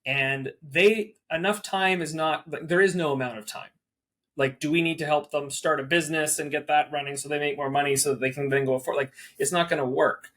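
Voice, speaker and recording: Animated man, a touch high-pitched. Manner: animated, heavy use of "like", rapid bursts. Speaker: property manager guest. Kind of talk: casual interview talk.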